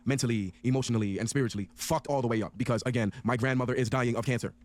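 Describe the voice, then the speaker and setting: A man telling a story in a heated, profane, animated rant. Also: medium pitch, very fast.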